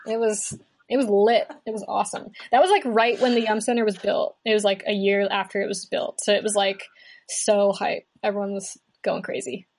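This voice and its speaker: A woman's voice: mid-range voice, little pitch movement, normal speed, darkish tone. Chatty young woman guest, rambling storyteller. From Kentucky, US. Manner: chatty, rambling, lots of "like" fillers. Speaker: guest musician. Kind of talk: casual chat.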